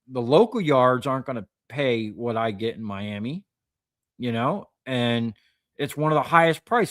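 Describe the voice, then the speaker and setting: A man's voice: medium pitch, fairly bright tone, no room sound, studio quality. A man, a scrap metal recycler, telling rambling anecdotes on a livestream, full of fillers and quoted dialogue. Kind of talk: casual storytelling on a livestream.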